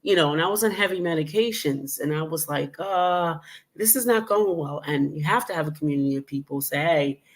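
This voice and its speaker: A woman hosting a casual podcast conversation, warmly affirming her guest with frequent agreement. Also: low-pitched, a little fast. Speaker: podcast host.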